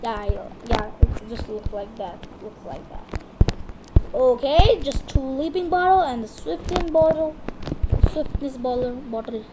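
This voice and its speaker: High-voiced excitable woman gaming. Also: a little slow, very noisy. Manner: excitable, repeats phrases, sudden outbursts. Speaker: gaming channel host. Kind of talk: live game commentary.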